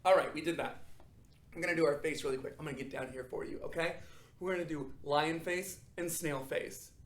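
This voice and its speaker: A young adult man teaching children a drama warm-up, upbeat and encouraging, checking in often. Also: a little high, fairly even intonation, a little fast, reverberant. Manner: upbeat, encouraging, frequent "okay?" check-ins. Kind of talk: guided acting warm-up for children.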